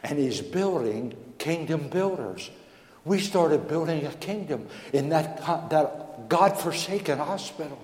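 A man's voice: on the high side, a little slow. Preacher guy spinning a folksy story, playing all the voices, lots of room echo. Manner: folksy, animated storytelling with acted dialogue. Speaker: pastor. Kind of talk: storytelling sermon. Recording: echoey hall with long reverb.

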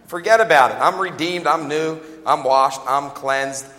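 A man in his forties preaching a revival sermon, lively and joking, often laughing and calling out to the congregation. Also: a little high, measured pace, big-room sound. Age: 40s.

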